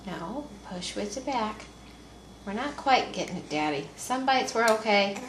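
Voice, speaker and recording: A mother softly coaxing her baby through a feeding, speaking in gentle baby talk on a home video. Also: mid-range voice, expressive, normal speed, noisy background. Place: room at home. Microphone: home video camera. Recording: echoey home video room.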